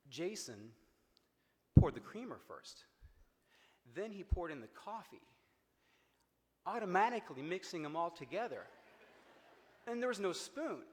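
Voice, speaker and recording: A man's voice: big pitch swings, a little slow, pauses often, darkish tone. Guy from cincinnati telling a funny story at a memorial, big reverb in the hall. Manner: storytelling, humorous, pitch jumps for emphasis. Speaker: eulogy speaker, friend of the deceased. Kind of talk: personal memorial speech. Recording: echoey hall with long reverb.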